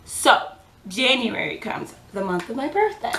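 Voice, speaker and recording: A woman's voice: a little high, normal speed, roomy sound, rough recording. A young woman vlogger telling a story in a casual, chatty way, full of fillers and quoted dialogue. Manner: chatty, filler-heavy, animated quoting.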